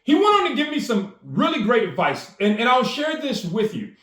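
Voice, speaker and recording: A man's voice: extremely high pitch, wildly swooping pitch, moderate pace, a bit bright, roomy sound. A man telling a personal story with enthusiasm, acting out the dialogue as he goes. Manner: enthusiastic, acts out quoted dialogue. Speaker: storyteller and speaker.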